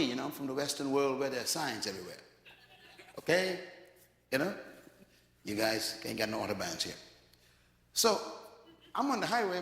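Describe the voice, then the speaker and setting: Male preacher, animated and theatrical, long hall reverb. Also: mid-range voice. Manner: dramatic, animated storytelling with acted-out dialogue. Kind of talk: sermon with storytelling.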